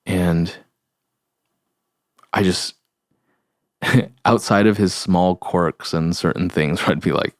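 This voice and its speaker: A young man with a deep voice and a gravelly edge speaks as a podcast host, earnest and heartfelt. He talks in a halting way. The sound is dry, with no room around it. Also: dry recording. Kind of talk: solo reflective podcast talk.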